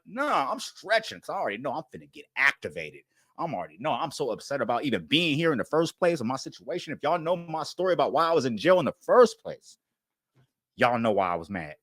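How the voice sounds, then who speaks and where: A man tells a story in a loose, animated way, his pitch leaping up and down as he acts out what was said. He laughs often between lines. The recording is dry and close, with no room sound. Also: fast talker, no room sound. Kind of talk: casual story time.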